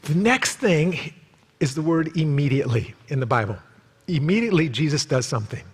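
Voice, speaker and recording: A man preaching a sermon as pastor in a church, animated and joking, acting out the voices he quotes. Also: a little high, brisk, breathy edge. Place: church sanctuary. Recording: long hall reverb.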